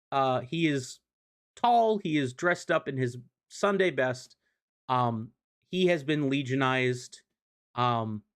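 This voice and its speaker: A man streaming a casual comic recap, loose and profane, full of "um" and "like", giving enthusiastic fan opinions. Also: medium pitch.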